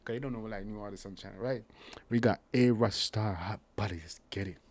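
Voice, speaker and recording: A man's voice: fairly low pitch, fairly quick. A man hosting a music reaction video, talking in hyped, slangy casual commentary mixed with patois. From Jamaica. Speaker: music reaction channel host. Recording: loud music playing underneath.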